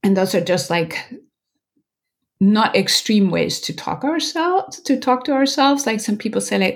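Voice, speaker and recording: A woman meditation teacher explaining as an interview guest, gentle and earnest, talking loosely with many "like" fillers and restarts. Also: medium pitch, lively intonation. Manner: gentle, earnest, acts out inner thoughts in quick asides.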